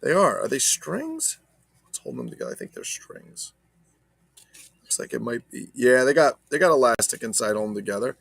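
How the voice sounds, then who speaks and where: Rambling and cursing, a man talks to viewers about his toy collection in a casual unboxing chat. His medium-pitched voice swings hugely in pitch at a moderate pace, husky and a bit bright with vocal fry, on a dry recording.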